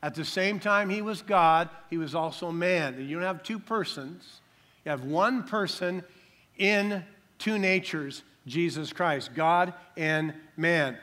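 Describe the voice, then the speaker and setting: An older man preaching a sermon as pastor, emphatic, slowing down to stress key words. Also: on the high side, pushed and bright.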